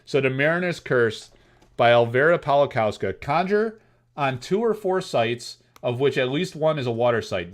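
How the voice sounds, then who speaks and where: Excitable man hosting a card-opening stream. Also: medium pitch. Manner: excitable, self-mocking, talks straight to chat. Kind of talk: casual live-stream chat.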